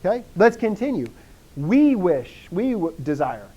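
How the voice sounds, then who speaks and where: A man teaching a classroom lesson on Greek accents, drilling students with repeated questions and bursting into animated enthusiasm. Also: high voice, measured pace, dull audio. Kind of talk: classroom lecture.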